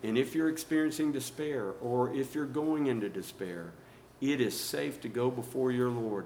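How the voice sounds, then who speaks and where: A man preaching a sermon, swinging from soft and low to loud and high. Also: normal speed, slight background noise.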